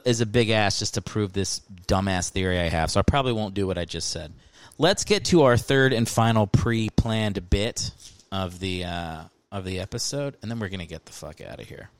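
Low-pitched and recorded dry, a man in his thirties from the American South and New Jersey hosts a podcast. His casual comedic monologue wanders, full of jokes and verbal fillers.

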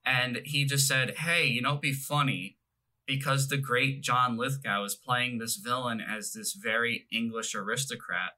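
A young man talks through a film in casual, rambling chat, often stopping to correct himself. His voice is very bright and forward. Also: mid-range voice, steady tone, normal speed, low-quality recording. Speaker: podcast co-host.

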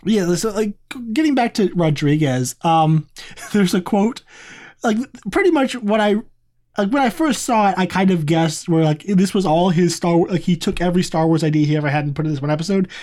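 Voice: mid-range voice, lively intonation, a little fast, darkish tone. A podcast co-host in a casual review chat, talking in a chatty, rambling way with many asides.

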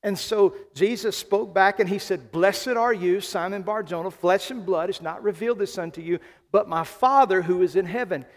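A man from the American South preaching a sermon as pastor, emphatic, slowing and repeating key phrases. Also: high-pitched. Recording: long hall reverb.

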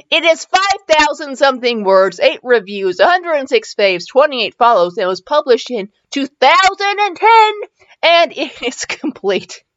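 Brief: high, very animated woman host, giggly rambler reading fanfic, dull lo-fi mic. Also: no echo. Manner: giggly, rambling, self-mocking asides. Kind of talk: comedic commentary and story reading.

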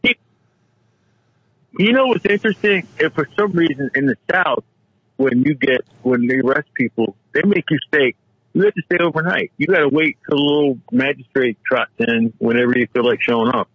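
Husky male radio co-host, dry sound. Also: mid-range voice, normal speed, no echo, dull audio. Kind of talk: casual radio chat.

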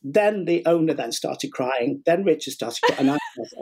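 A middle-aged man who works as a sugar flower artist, telling stories as an interview guest. He talks in a lively way, acting out what people said, and restarts his sentences often. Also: on the high side, normal speed, vocal fry, slight background noise. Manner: animated, acts out quotes, many restarts. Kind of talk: casual interview storytelling.

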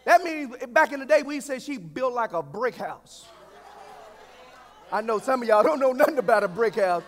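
A man's voice: very high-pitched, animated, normal speed, fairly bright tone, some chatter behind. A male pastor delivering a humorous sermon, calling out for the congregation to answer back. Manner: humorous, call-and-response preaching. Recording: echoey hall.

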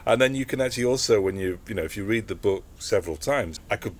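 Deep-voiced man with a rambling, hesitant manner. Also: fast, a little hiss or hum. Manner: rambling, hesitant with many ums. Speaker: guest photographer. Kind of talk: casual interview conversation.

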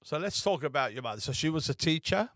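A man's voice: on the high side, animated, fast talker, a bit bright. A man hosting a podcast, asking conversational questions and giving short acknowledgments. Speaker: podcast host. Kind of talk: interview.

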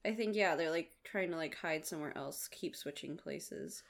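A woman in casual chat, calmly explaining plot details in a matter-of-fact way. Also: sits low, moderate pace, gravelly. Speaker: podcast co-host.

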